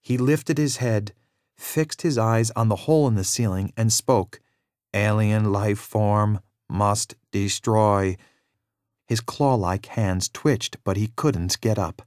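Casting: male storybook narrator, low and measured, dry close-miked sound. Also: a little mellow, no room sound.

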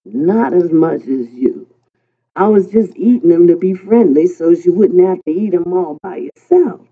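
A reader putting on a gruff, shy old park hand. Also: medium pitch, expressive, unhurried. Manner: folksy, hesitant, stammering. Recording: tinny phone-like sound.

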